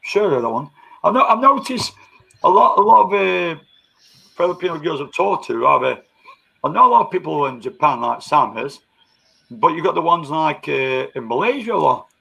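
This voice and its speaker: A man's voice: a little high, big pitch swings, moderate pace, creaky, pushed and bright, husky, dull audio. A man hosting a casual live-stream chat, bantering with coarse slang and laughing often.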